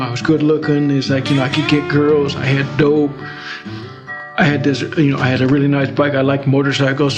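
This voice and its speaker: A middle-aged man from Alaska telling his life story in a rambling, filler-heavy way, as a guest in an interview. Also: medium pitch. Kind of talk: personal testimony.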